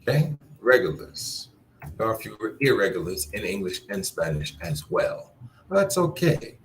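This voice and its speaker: A man teaching a Spanish class, explaining grammar and repeating words slowly for learners to echo. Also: lowish voice, very animated, a little hiss or hum.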